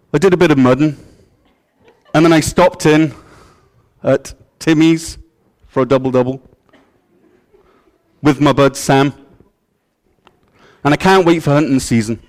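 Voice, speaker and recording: A man's voice: on the high side, voice pushed down, lightly acted. A pastor doing a put-on Canadian accent, playing a laid-back outdoorsy man who chats casually about his weekend. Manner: folksy, casual bragging.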